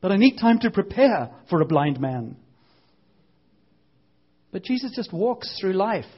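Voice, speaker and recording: A man preaching a lively, conversational sermon, acting out voices and now and then shouting. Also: high-pitched, unhurried, slightly rough, muffled recording.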